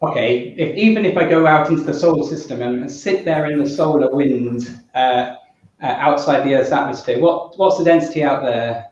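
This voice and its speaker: In a distant, echoey and dull hall recording, a man with a British accent lectures at a physics workshop, restarting often, thinking aloud and putting questions to the audience. His darkish voice is a little high, at normal speed.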